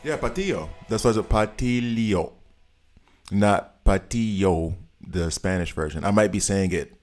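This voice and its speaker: American man, very low voice, casual live-stream chatter, laughs a lot, faint music underneath. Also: animated, fairly quick. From United States. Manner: chatty, laughs often, greets chat viewers. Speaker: game streamer. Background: soft background music.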